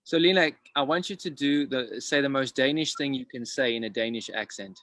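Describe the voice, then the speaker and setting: A man with a mid-pitched voice asks his questions quickly over a video call. He fires them off one after another in a casual interview. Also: a bit bright. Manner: quick, rapid-fire questions. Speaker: interview host.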